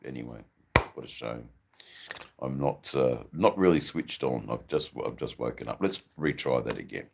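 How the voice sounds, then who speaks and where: A middle-aged Australian man with a persistent cough, hosting a casual livestream in a slow, rambling way with frequent ums. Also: rumbling low, lively intonation, darkish tone, slight background noise. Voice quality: gravelly. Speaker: livestream host. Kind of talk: casual livestream chat reading comments.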